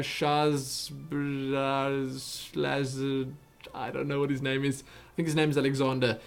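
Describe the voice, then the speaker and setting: Chatty South African young man. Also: a little high. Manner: chatty and rambling, with frequent asides and self-corrections. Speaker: YouTube host answering viewer questions. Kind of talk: casual Q&A vlog chat. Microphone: webcam.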